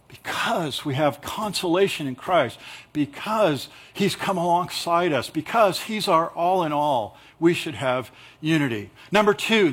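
A male pastor delivering a sermon in a relaxed, conversational manner, breaking up scripture explanation with jokes and little acted-out asides. His voice sits a touch high for a man and has a husky, slightly rough edge.

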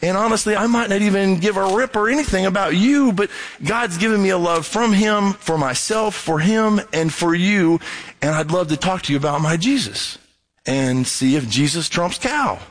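A middle-aged male pastor preaching a sermon in a conversational way, breaking into other voices when he quotes people. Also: normal speed. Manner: conversational, acts out quoted voices in a raised pitch.

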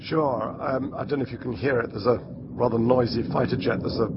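A man reporting as a foreign correspondent, first in a packaged news report and then live, with measured delivery and frequent ums when answering. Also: medium pitch, steady tone, very noisy. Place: outdoors by the sea. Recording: dull lo-fi broadcast audio with faint crowd.

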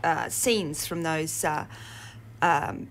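An Australian woman talks about directing a play as a radio guest, chatty and enthusiastic. Her voice sits a little low, and there is a light hiss of background noise. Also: very slow. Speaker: theatre director. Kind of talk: casual radio interview guest.

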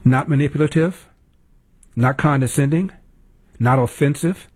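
Male talk host, husky and fried, indignant commentary with emphatic repeats. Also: medium pitch, moderate pace, long pauses, darkish tone. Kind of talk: political commentary monologue.

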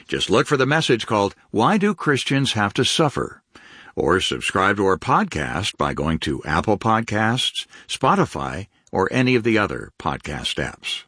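A man's voice: lowish voice, big pitch swings, normal speed, pushed and bright, slightly rough, dry recording, studio quality. A man co-hosting a radio program, announcing offers and asking questions in an announcer's manner.

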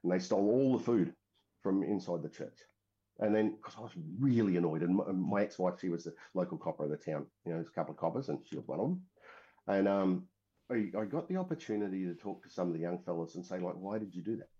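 An Australian military veteran from Western Australia tells a long story casually in an interview, rambling with frequent fillers and restarts. His deep, warm voice is expressive and quick. The audio is dull and lo-fi.

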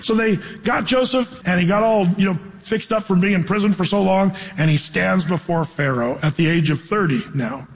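A man preaching a sermon with a high, husky voice. He reads scripture and then retells the story casually and playfully. The voice rings with the long reverb of a big hall. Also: normal speed, hardly any pauses. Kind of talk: sermon with Bible reading and storytelling.

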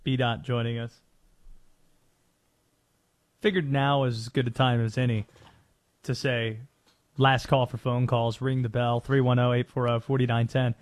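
A man's voice: mid-range voice, level tone, a little slow, long pauses, dry recording. A man hosting a sports talk radio show, easygoing and curious, bantering and laughing easily with guests.

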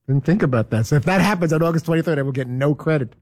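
A man's voice: a little high, darkish tone. A man on a sports talk show crew, talking playfully with the host and the others. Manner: fast and playful. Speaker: show regular. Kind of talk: casual studio banter.

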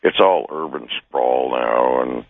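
A man's voice: extremely low pitch, slow pace, vocal fry, no room sound. A man in his sixties calling in, talking in a folksy, rambling way about life in the mountains. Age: 60s. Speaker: caller. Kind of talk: casual chat. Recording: tinny phone line.

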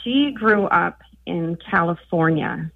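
A woman's voice: fairly low pitch, animated, takes it slowly, vocal fry. A woman from northern Minnesota calling in to a radio show and telling a chatty story from her childhood. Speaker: caller. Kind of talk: phone-in call. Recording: tinny phone line.

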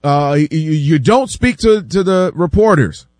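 Sports talk guy, kinda high voice, dry mic, does little voices for quotes and stumbles over his words a lot. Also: measured pace, dry recording. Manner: animated, acts out other people's quotes in voices; stammers and repeats words when building a point. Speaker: sports talk show host. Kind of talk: casual sports debate.

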